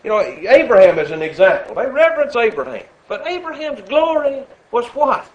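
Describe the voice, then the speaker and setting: A man preaching a sermon, who gets loud and high when he quotes scripture and drops low and soft for his asides. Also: sing-song, moderate pace, muffled recording.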